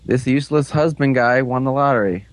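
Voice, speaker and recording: A man casually recapping episodes on a podcast, rambling with lots of fillers and briefly putting on voices for the characters. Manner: rambling, frequent "like" and "um", puts on quick high voices for characters. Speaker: podcast host recapping a show.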